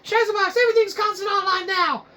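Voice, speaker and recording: A man voicing a nitpicking male heckler in a squeaky, mocking whine within a comedy rant. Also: fairly even intonation, quick pace, sharp tone, heavily acted. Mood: nagging. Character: nitpicking heckling male viewer, whiny and high. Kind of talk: comedic rant with acted voices.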